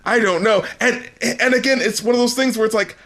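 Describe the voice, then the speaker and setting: A man's voice: extremely high pitch, brisk, a bit bright. A man co-hosting a podcast, chatting casually about an album, rambling and laughing as he mocks lyrics. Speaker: podcast co-host. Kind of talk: casual album review chat.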